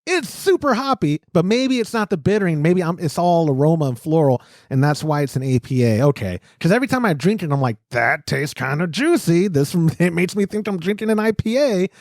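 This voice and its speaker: Texan male host, lively and joking, dry close mic. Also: high voice, a little fast, hardly any pauses, dry recording. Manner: animated, joking, self-deprecating. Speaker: podcast host. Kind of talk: casual podcast chat.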